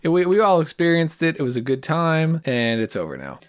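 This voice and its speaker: A man's voice: on the high side, smooth, dry recording. A man co-hosting a podcast in casual banter, restarting sentences and joking along. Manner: lively, stammering restarts, quick banter. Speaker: podcast co-host. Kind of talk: casual chat.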